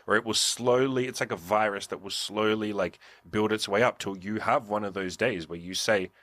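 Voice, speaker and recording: A man's voice: on the low side, pushed and bright, no room sound. A man giving blunt, profane dating advice in a casual coaching conversation, acting out what others would say. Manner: profane, blunt, acts out quotes.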